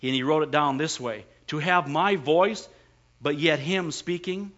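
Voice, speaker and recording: A man's voice: a little high, measured pace, fairly bright tone, dull audio. A man preaching a sermon, asking the congregation rhetorical questions and pressing his points with emphasis. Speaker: pastor.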